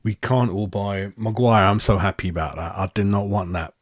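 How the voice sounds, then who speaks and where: A man hosting a live-stream football fan show, chatting in a rambling way, answering viewers' comments and calling everyone mate, often clearing his throat. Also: on the low side, steady tone, normal speed, dry recording, dull audio. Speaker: football fan channel host.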